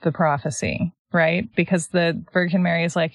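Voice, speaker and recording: A woman co-hosting a podcast in casual chat, reading passages aloud in a wry, animated way. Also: lowish voice, moderate pace, no echo. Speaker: podcast co-host.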